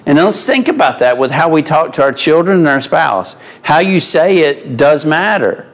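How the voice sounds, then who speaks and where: A man's voice: on the high side, very animated, moderate pace. A man teaching a mid-week Bible class in a church, in a conversational way, asking the class questions. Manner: conversational, asks the class questions, folksy phrasing.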